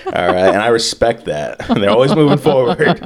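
A man's voice: mid-range voice, sing-song, moderate pace, over a noisy crowd. A man co-hosting a podcast, rambling and joking with plenty of profanity. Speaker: podcast co-host. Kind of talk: casual comedic chat.

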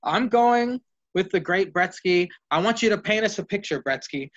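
A high-pitched man hosts a loose, profane podcast chat with his friends. He steers the talk and throws questions to his co-hosts. The audio is dull and lo-fi. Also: animated, normal speed, a bit bright. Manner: profane, acts out comic scenes in high squeaky voices. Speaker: podcast host. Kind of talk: casual chat.

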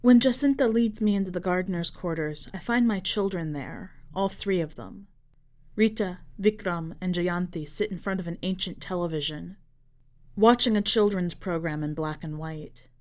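A woman narrating a dark short story for a fiction podcast in a measured, dramatic reading style. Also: fairly low pitch. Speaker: podcast editor and reader.

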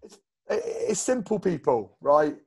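A man's voice: on the high side, big pitch swings, measured pace, creaky, a little mellow, husky. A man co-hosting a casual fitness podcast as a coach, blunt and rambling with lots of fillers.

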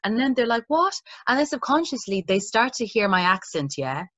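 A woman's voice: medium pitch, big pitch swings, a little fast, fairly bright tone, no room sound. A young woman from Ireland with a mixed Irish accent that has American touches. She chats casually and acts out the people she quotes. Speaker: guest, actress. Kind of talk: casual conversation. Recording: muffled dull sound.

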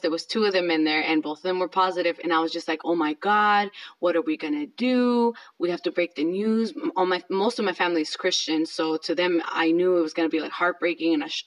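A woman's voice: on the low side, rough recording. A woman in her thirties telling a personal story in a casual, chatty way, with lots of fillers. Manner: chatty, filler-heavy, self-conscious.

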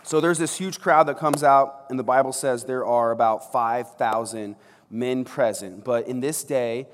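A man's voice: mid-range voice, a little slow. A man preaching a sermon as pastor in a large church, joking and conversational, acting out scenes as he goes. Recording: long reverb of a large hall.

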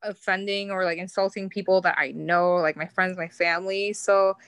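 Speaking at a moderate pace, this young New Yorker has a lowish, steady, clear and resonant voice, captured with no room sound. As a podcast guest she swaps stories in relaxed conversation, her New York accent strong and "like" fillers everywhere.

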